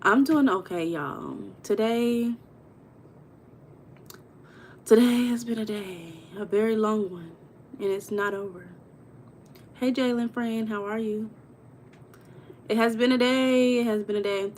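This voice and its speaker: A young woman hosting a casual livestream, chatting with viewers, greeting them by name and telling stories with lively emphasis. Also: on the high side, a little slow, slight background noise. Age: young adult. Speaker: livestream host.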